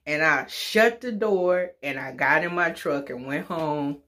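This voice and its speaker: A young woman telling a personal story in casual storytelling style, animated, laughing often and making sound effects. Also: lowish voice, takes it slowly. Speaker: YouTube storyteller.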